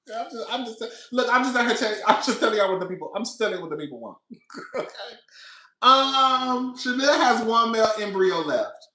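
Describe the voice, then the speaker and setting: A man hosting a casual reality TV recap, animated and laughing often, calling his listeners "girl". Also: very high-pitched, fairly quick. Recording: echoey room.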